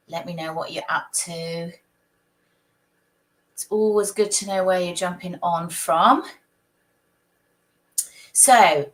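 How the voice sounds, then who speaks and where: A woman with a croaky voice from a coming cold, hosting a live stream as a psychic and chatting casually, greeting viewers by name and laughing often. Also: mid-range voice, a bit bright. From United Kingdom.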